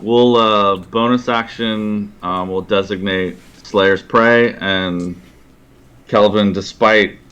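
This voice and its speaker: A man's voice: fairly low pitch, steady tone, a bit bright, clean tone, highs cut off. A man playing a tabletop game, talking casually and unsurely. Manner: slow, unsure. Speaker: player.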